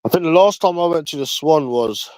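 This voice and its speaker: A man's voice: on the high side, animated, brisk, a little mellow, no room sound. A man with a London accent in rambling, casual livestream chat, crude and full of swearing.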